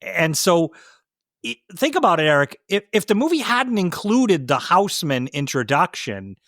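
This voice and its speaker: A man's voice: sits high, very animated, a bit bright, no room sound, studio quality. A man co-hosting a podcast, giving casual, enthusiastic movie commentary and often restarting his sentences. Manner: enthusiastic, talks in rushed restarts. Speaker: podcast co-host.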